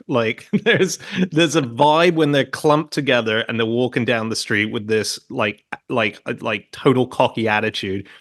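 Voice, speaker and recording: A man's voice: medium pitch, fairly bright tone. A man in his late thirties from Hong Kong, a podcast guest telling long stories in casual chat, with many restarts and asides. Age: late 30s. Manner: rambling, self-interrupting storyteller.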